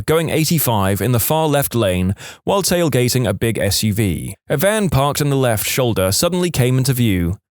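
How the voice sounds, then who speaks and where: A man reads real-life stories aloud with a wry tone, his pitch rising and falling freely. He is recorded on a close, dry mic with no room sound. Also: dry recording. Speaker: story narrator. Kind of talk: reading online stories aloud.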